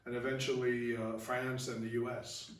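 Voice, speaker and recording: A man's voice: mid-range voice, flat delivery, moderate pace, reverberant, recorded from a distance. A man co-hosting a wine show, upbeat, leading the tasting and moving between wines. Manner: upbeat, leads the tasting and segues. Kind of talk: casual wine tasting chat.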